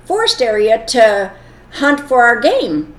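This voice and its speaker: A woman's voice: on the high side, big pitch swings, slow pace, fairly bright tone, full character voice. A woman voicing a pushy grown huntsman who talks in a raised, demanding voice, in an echoey room.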